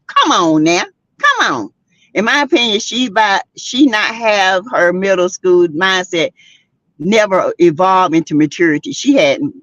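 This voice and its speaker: A woman's voice: medium pitch, no room sound. Sassy older Southern woman dishing gossip. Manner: animated and sassy, laughing often, calling out to viewers. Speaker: host of a celebrity gossip livestream. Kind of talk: casual gossip chat with viewers. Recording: dry, dull lo-fi webcam audio.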